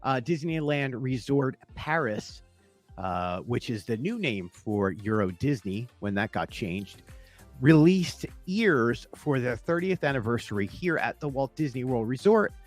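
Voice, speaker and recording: A man's voice: medium pitch, big pitch swings, unhurried, soft background music. A man co-hosting a podcast at home, chatting casually and rambling, with frequent laughs. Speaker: podcast co-host. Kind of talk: casual chat.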